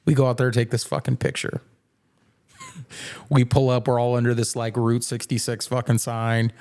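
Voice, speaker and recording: A man's voice: medium pitch, flat delivery, moderate pace, darkish tone. A young man hosting a podcast, telling a rambling, profane story with plenty of swearing and laughter. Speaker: podcast host. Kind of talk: casual chat, storytelling.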